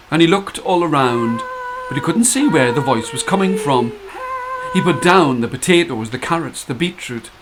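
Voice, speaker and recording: A man telling a folk tale, with a playful, rhythmic way of repeating phrases and slowing down for effect. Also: fairly high pitch, slight background noise. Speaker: storyteller. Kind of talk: told folk tale for children.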